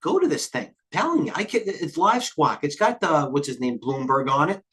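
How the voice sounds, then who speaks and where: The voice of a middle-aged trading stream host is fairly high and sing-song, with a fairly bright tone. He wanders across tangents during his live market talk. Blunt and quick on his feet, he swears from time to time.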